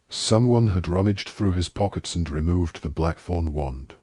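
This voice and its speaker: Low husky guy reading an audiobook, dry close sound. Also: darkish tone, no echo. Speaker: audiobook narrator. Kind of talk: scripted narration.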